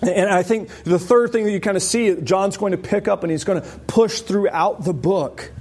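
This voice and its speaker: A man preaching a sermon to a congregation, animated and emphatic, often rising sharply in pitch for stress. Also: normal speed.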